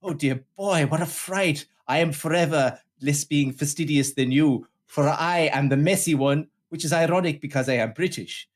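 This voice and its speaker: A man playing a pompous British actor badly faking an American, in a slow, mannered drawl. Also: fairly high pitch, close to an everyday voice. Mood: hammy.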